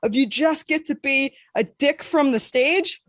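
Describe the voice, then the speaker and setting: High-voiced woman telling a profane story. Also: unhurried, no room sound, clean studio sound. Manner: animated, profane, acts out quotes with big pitch swings. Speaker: podcast co-host. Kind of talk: casual storytelling.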